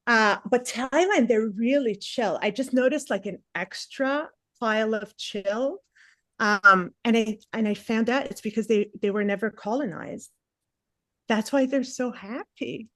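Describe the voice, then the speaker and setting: A woman's voice: a little high, unhurried, a bit bright, no room sound, clean studio sound. A woman in her forties doing stand-up comedy, telling a rambling self-mocking story and acting out the other people's lines. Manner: chatty, self-mocking, acts out quotes.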